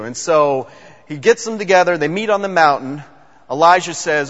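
A man's voice: a little high, animated, normal speed, fairly bright tone. Man retelling a Bible story in a hall. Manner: conversational, repeats words, uses fillers. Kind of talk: casual Bible storytelling sermon. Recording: dull sound with long hall reverb.

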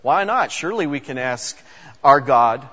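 A man's voice: mid-range voice, lively intonation, moderate pace, a bit bright. A man voicing an overconfident crowd of male pagan prophets in a casual, offhand way, recorded dull in a long-reverb hall. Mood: eager.

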